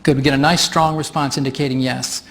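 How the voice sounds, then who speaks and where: A man's voice: medium pitch, level tone, quick pace, fairly bright tone. A man leading a live workshop demonstration on stage, explaining each step in a chatty way and often laughing. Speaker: workshop facilitator. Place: stage before an audience.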